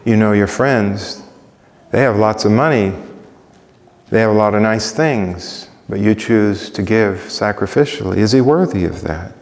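A pastor preaching a sermon through a string of rhetorical questions. He swings from ringing emphasis down to hushed softness. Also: lowish voice, a little slow. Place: church sanctuary. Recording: long reverb of a church hall.

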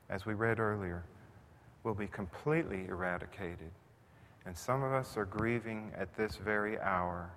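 A man preaching a sermon in a conversational style that builds to intense emphasis. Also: fairly low pitch. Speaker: pastor. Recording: long reverb, faint noise.

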